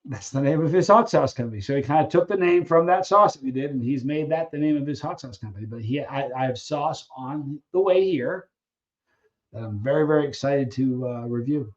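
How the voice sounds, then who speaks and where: A man hosting a casual live Q&A stream, reading viewer questions and answering them in an animated way, acting out little scenes with frequent restarts. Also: mid-range voice, dull audio. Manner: animated storyteller who acts out scenes, halting restarts.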